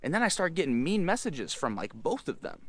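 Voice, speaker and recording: A young man telling a personal story casually, full of filler words and slang, swinging between low mumbled asides and loud excited outbursts. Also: fairly quick. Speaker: host.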